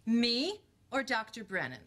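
A woman acting in a sitcom as a sharp, exasperated wife. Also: a little high, big pitch swings, measured pace. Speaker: actress playing a bickering wife.

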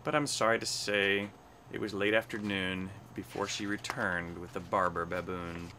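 On board a space station, a storybook reader with a low, steady, sharp-toned voice reads a rhyming children's book at a moderate pace. He voices the animals in a sing-song way, and faint background noise can be heard.

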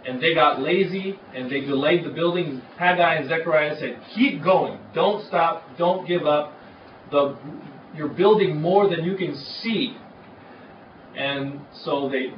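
Male pastor, fairly high voice, preaching casually with many "uh"s, recorded from afar in an echoey hall. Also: a little hiss or hum. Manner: conversational, frequent "uh" fillers. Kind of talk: sermon. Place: church hall. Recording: echoey hall, far from the mic, dull.

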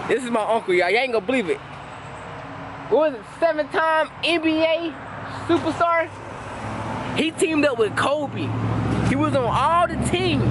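A young man talking fast and joking into a handheld phone camera outdoors. His voice sits high and swings up and down a lot as he hypes things up. Heavy street and traffic noise runs behind him. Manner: joking, excitable, slangy hype talk to the camera. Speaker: vlogger. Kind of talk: casual vlog chat. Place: outdoors at a youth football game.

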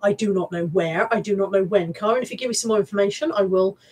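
A woman with a Bristol accent chats casually on a live stream, showing off her thrift haul and reading out viewer comments. Her mid-range voice is husky and darkish, steady in tone and quick in pace, and she rambles, repeating words and restarting them. The audio is poor.

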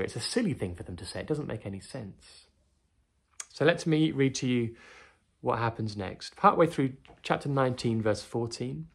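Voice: mid-range voice, expressive, normal speed, gravelly, husky. A children's teacher telling and reading a Bible story, often asking the children tag questions.

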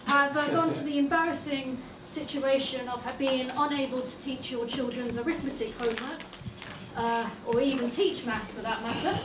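A woman acts an earnest instructor opening a maths course, lecturing formally with hesitant fillers in a high voice. She is heard from far off in an echoey hall with audience noise, a live amateur stage recording. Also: moderate pace, few pauses, lightly acted.

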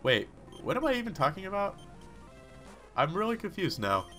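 Excitable young man doing game commentary. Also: high-pitched, normal speed, soft background music. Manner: excitable, joking, talks to the game characters. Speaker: gaming YouTuber. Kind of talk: let's play commentary.

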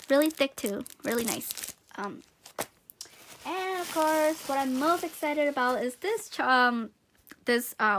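Bubbly high-voiced woman unboxing gifts. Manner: excitable, gushing, frequent gasps and giggles. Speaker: unboxing vlogger. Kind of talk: casual unboxing chat.

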